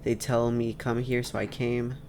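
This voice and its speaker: A man's voice: medium pitch, flat delivery, moderate pace, a little mellow, slight background noise, close to an everyday voice. A man voicing a pushy, blunt dancer who speaks in clipped, broken phrases. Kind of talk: reading game dialogue aloud.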